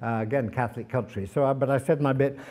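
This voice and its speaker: A man speaking as a guest author at a library event, telling lively travel anecdotes to an audience, with many fillers and restarts. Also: medium pitch, fast talker. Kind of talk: anecdotal talk to a live audience.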